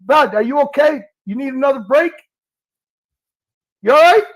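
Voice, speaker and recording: A man hosting a live call-in stream, mocking and taunting his caller, at times shouting like a mock preacher. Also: extremely high pitch, expressive, moderate pace, rough recording. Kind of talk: heckling call-in stream chat.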